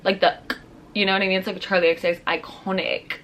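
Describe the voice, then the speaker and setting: A woman's voice: medium pitch, flat delivery, fairly quick, fairly bright tone, a little hiss or hum. Bubbly young woman gushing over fashion finds. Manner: bubbly, gushing, slangy, heavy use of "like". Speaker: fashion vlogger. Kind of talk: casual try-on haul chat.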